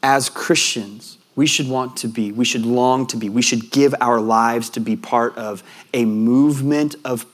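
A man preaching a sermon, telling a personal story in an earnest way and growing quiet and soft at tender moments. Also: mid-range voice.

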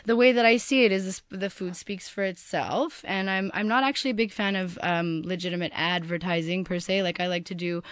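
A woman in her twenties being interviewed as a guest on a radio show, talking in an animated, chatty way with lots of fillers and laughter. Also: on the low side, fairly quick, few pauses, clear, resonant tone, no echo. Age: 20s. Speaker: guest entrepreneur. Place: radio studio.

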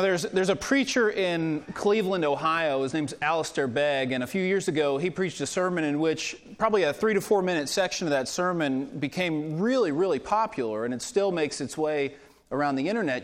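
A man preaching a sermon as a pastor, telling a story in a conversational way and getting animated when quoting others, in a church sanctuary. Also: on the high side. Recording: long reverb of a church hall.

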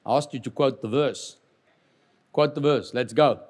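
A man preaching a sermon as pastor, animated and joking with the congregation, swinging from loud to quiet. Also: mid-range voice, normal speed. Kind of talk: lively sermon.

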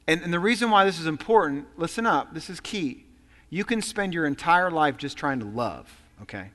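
A male pastor delivers a storytelling sermon in a slightly high, bright, forceful voice. He drops to a hush for quoted lines and then builds to loud emphasis. His voice carries a long reverb from the hall.

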